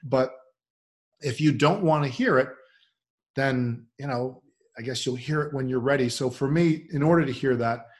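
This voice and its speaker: A middle-aged man talks through his ideas in a casual, thoughtful interview. His voice sits in an ordinary middle register, and he shifts into animated voices when he acts out friends or his own inner thoughts. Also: medium pitch, moderate pace. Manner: reflective, animated when quoting others. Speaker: podcast guest.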